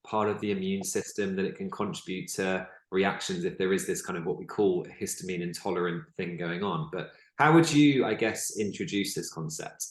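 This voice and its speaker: A man hosts an interview, and his voice sits very low. He asks questions in a roomy, echoey space and keeps the guest going with short encouraging remarks. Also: moderate pace, hardly any pauses. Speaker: host. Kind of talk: interview chat. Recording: echoey room.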